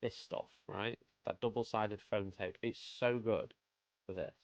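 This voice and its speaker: Unhurried and fairly even in intonation, a lowish male voice comes through a muffled recording without echo. He is a British livestream host painting miniatures, chatting casually and greeting viewers by name.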